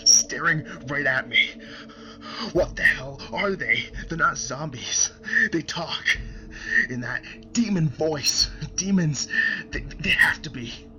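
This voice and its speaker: A man's voice: fairly high pitch, slow pace, sharp tone, soft background music, heavily acted. A man voicing a terrified young male soldier writing his diary in a creepypasta reading, stammering and dropping into whispers. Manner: stammering, panicked, breaking into whispers.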